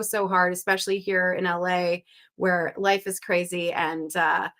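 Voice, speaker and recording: A woman's voice: medium pitch, bright, forceful tone. A young woman hosting a live puzzle stream, chatting casually and reading out viewers' guesses with upbeat energy. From Western Canada.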